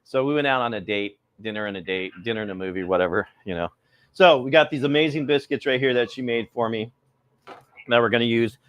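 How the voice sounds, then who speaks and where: A middle-aged man runs a live cooking stream in a loose, rambling chat, calling out viewers by name between steps. He sounds a little cold. His voice sits at an ordinary pitch and is recorded dry and close, with no room echo. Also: fast talker, a bit bright, smooth, dull audio.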